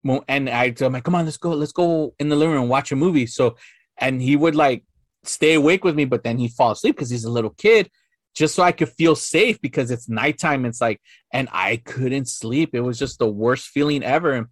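A man, likely in his forties, telling stories in a casual podcast chat, animated and full of swearing, acting out the voices in his tales. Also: mid-range voice, a little fast, no echo, clean studio sound. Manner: animated storyteller, swears a lot, acts out quotes. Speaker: podcast guest.

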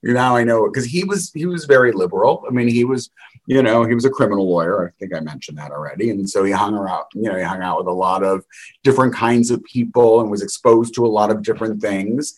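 A man's voice: fairly low pitch, quick pace, low-quality recording. A middle-aged man telling candid stories in a rambling way, with wry laughs. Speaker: guest. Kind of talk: candid conversational storytelling.

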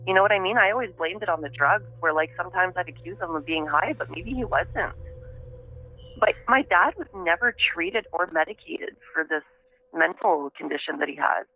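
A woman giving an interview over the phone, telling her story in a halting, reflective way. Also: on the low side. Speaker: interviewee, daughter of the subject. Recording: narrow tinny phone line.

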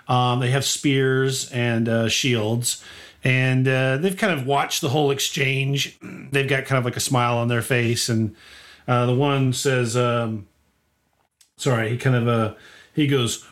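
A man's voice: medium pitch, measured pace. Laid-back male game master. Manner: relaxed, hesitant, many fillers. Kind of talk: narrating a tabletop game.

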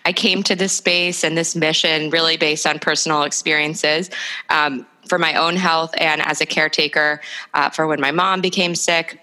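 A woman from the northeastern United States, a guest in an interview, explaining thoughtfully with frequent pauses and "um"s. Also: low voice, sharp tone, poor audio. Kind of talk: interview conversation.

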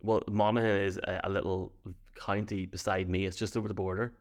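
A man's voice: low voice, flat delivery, fairly quick. An Irish man co-hosting a casual chat show, reading out listener messages and laughing easily as he tells stories. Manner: chatty, laughs easily while telling stories.

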